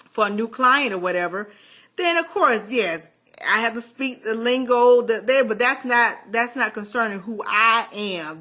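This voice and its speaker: A woman from Georgia with a Southern American accent giving a chatty, animated motivational talk straight to her viewers. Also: fairly high pitch. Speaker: motivational vlogger.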